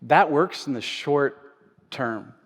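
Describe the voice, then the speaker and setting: A male pastor preaching a sermon in a church sanctuary, conversational, swinging from loud emphasis to quiet asides. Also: medium pitch, animated, takes it slowly, slightly rough. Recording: echoey church hall.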